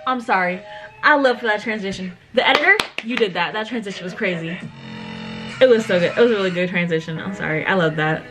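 A woman's voice: mid-range voice, quick pace. A woman hosting a casual reaction video, chatty and gushing, often apologizing for getting carried away. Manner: gushing, chatty, keeps apologizing for her excitement. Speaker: reaction channel host. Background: music from the video she reacts to.

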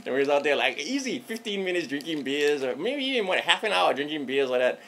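A man's voice: fairly high pitch, big pitch swings, quick pace, a bit bright, slight background noise. A man with a Hawaiian Pidgin accent, ranting casually to camera about politics, joking and swearing freely. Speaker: political vlogger.

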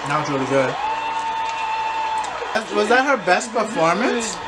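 A woman's voice: mid-range voice, big pitch swings, measured pace, over a noisy crowd, very noisy. A woman giving casual reaction commentary on a TV singing show, talking back to the screen with sass. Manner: sassy, talks back to the screen. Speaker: reaction vlogger.

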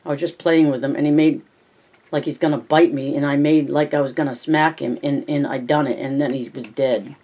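A reader doing a big, gentle, slow-witted ranch hand from a storybook, talking slowly and plaintively like a child. Only lightly set apart from the reader's own voice. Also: mid-range voice, fairly even intonation, lightly acted.

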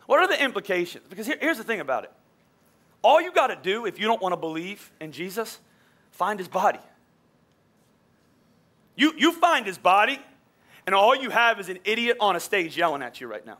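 High, bright-voiced man preaching. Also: fairly quick, long pauses. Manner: energetic, swings from loud preaching to quiet asides; repeats words, stumbles and restarts. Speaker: pastor. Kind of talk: sermon.

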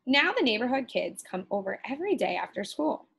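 Expressive woman reading a storybook aloud. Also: on the high side, fairly quick, gravelly, slightly rough, rough recording. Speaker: teacher. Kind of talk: reading a picture book aloud.

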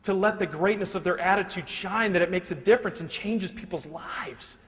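Animated high-voiced male motivational speaker. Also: normal speed. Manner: animated and humorous, swings between loud punchlines and hushed moments. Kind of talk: live motivational speech with storytelling. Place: large hall before a live audience. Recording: long reverb of a large hall, faint noise.

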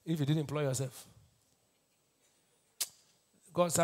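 A Nigerian pastor preaching a sermon, asking the congregation to finish his lines and swinging between shouted bursts and quiet asides. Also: high voice, expressive, normal speed, background noise. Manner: call-and-response preaching, asks the crowd to finish his lines.

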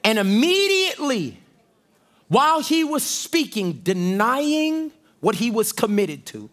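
A man preaching a sermon, emphatic, moving from shouts to hushed tones. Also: very high voice, sing-song, slow. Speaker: pastor.

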